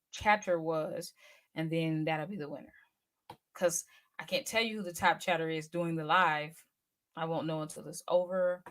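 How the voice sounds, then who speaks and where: A woman's voice: on the low side, fairly bright tone. A woman in her forties hosting a casual livestream, chatty and slangy, teasing and talking straight to her viewers. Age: 40s. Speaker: livestream host.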